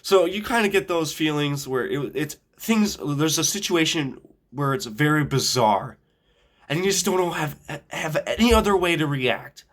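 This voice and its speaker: A man's voice: a little high, animated, moderate pace, a bit bright. Rambling young man telling a story. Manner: rambling, swears often, frequent restarts and fillers. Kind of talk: casual anecdote.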